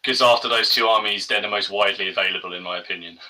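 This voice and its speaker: A man's voice: lowish voice, fairly even intonation, very fast, bright, forceful tone, poor audio. A man, co-hosting a casual podcast chat, hesitant with many ums and restarts. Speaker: podcast co-host.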